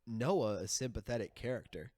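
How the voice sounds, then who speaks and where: A man co-hosting a reality TV podcast, talking in an animated, rambling way with many restarts. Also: lowish voice, normal speed, no echo, clean studio sound. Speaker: podcast co-host. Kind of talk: casual chat.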